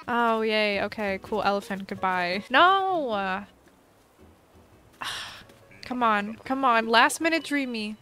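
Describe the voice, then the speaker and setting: A woman chatting casually to her viewers while playing a game, excitable and chatty. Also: fairly high pitch, takes it slowly. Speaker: gaming streamer. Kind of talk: casual gameplay commentary.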